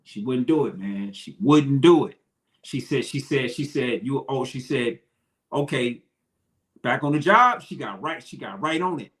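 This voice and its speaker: A man's voice: mid-range voice, lively intonation, measured pace, a bit bright. A man from Detroit, a podcast guest, talking earnestly and repeating his phrases. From Detroit, Michigan. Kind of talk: emotional interview talk.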